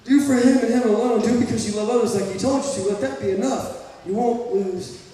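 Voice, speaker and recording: A man in his thirties with a Southern US accent, preaching a sermon as pastor, telling animated, self-deprecating stories. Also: extremely high pitch, brisk, very echoey, in a large hall, far from the mic, low-quality recording. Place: church sanctuary.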